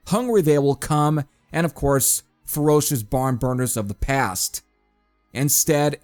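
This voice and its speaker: Chatty man reviewing a metal album. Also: fairly high pitch. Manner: chatty, addresses viewers as folks, frequent fillers. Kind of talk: casual spoken album review.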